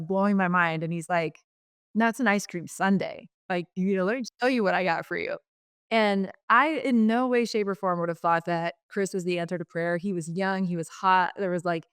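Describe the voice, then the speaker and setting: A woman's voice: lowish voice, clear, resonant tone, no echo, clean studio sound. A middle-aged woman, a podcast guest, telling a personal story frankly and chattily, acting out the dialogue she quotes.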